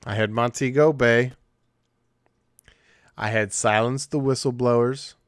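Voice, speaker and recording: A man co-hosting a casual podcast, chatting lively and acting out scenes in quoted voices. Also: medium pitch, unhurried, dry recording, clean studio sound. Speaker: podcast co-host. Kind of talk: casual chat.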